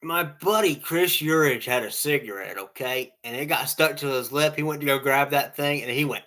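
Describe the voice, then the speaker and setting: A man's voice: a little high, brisk, few pauses, bright, forceful tone. A man telling rambling casual stories and jokes to online friends, often tacking on "all right?" and laughing at his own tales.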